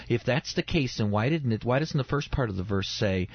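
A male pastor speaks earnestly and with emphasis, circling back to the same phrases to drive them home. His voice is husky, and the recording is dry and dull, like lo-fi broadcast audio. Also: medium pitch, animated, fairly quick, no echo. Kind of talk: preaching in a radio interview.

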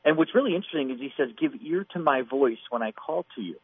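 A middle-aged man talks through a Bible passage with earnest emphasis. His voice is husky, and it comes through a dry, narrow, phone-like radio line. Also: mid-range voice, expressive, fast, no room sound. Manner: earnest, emphatic, acts out quoted pleas. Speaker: Bible teacher on a radio program. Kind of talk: conversational Bible teaching.

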